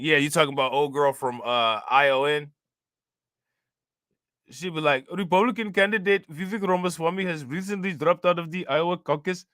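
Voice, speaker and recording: A man's voice: medium pitch, bright, forceful tone, no room sound, clean studio sound. A man giving casual, slangy reaction commentary on news clips, mocking and talking straight to his viewers.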